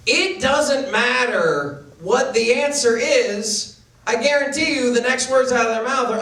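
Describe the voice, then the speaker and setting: A young man performing a stand-up comedy set in a dry, halting way, often pausing on fillers. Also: very high-pitched, lively intonation, sharp tone. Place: small live venue with an audience. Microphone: distant camera mic. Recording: echoey room from far off. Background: audience laughter.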